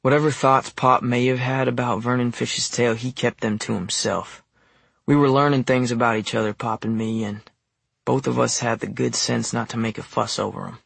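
A man narrating an audiobook in the first person, measured and wry. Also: mid-range voice, fairly even intonation, vocal fry, fairly bright tone, breathy edge, no room sound.

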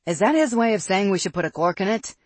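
A woman's voice: medium pitch, animated, fast talker, dry recording, voice pushed up, natural voice. A narrator voicing a sassy, blunt young woman with a sarcastic edge.

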